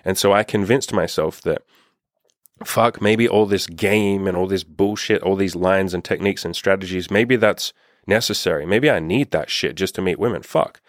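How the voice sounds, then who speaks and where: A young man with a low voice delivers a blunt, impassioned talk on dating, swearing often. The sound is close and dry, with no room around it. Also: moderate pace, no echo. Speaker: dating coach. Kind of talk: casual vlog monologue.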